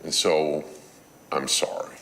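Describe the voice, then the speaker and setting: A man's voice: a bass voice, lively intonation, normal speed, a little hiss or hum. A man voicing a mother who keeps calling her son to bed, pleading and nagging. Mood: apologetic. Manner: pleading, then exploding into a shout.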